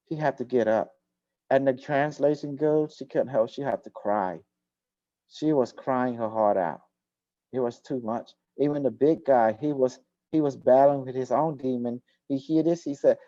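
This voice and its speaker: A man's voice: mid-range voice, mellow, no room sound. A man hosting a casual talk show, telling a story at length and with emphasis. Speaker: host. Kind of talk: casual chat. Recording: dull lo-fi recording.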